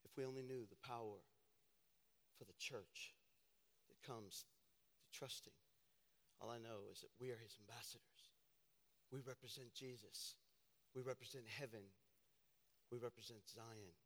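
A man preaching a fiery sermon as pastor, swinging from loud declarations to low, intense passages. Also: fairly even intonation, a little slow, pauses often. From Tennessee family roots. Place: church sanctuary. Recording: long reverb of a church hall.

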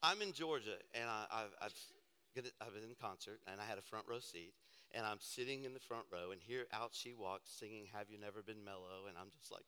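A man preaching a sermon, telling a personal story with animated, self-deprecating humor in a church auditorium. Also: lowish voice, brisk, clean tone. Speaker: pastor. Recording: hall reverb.

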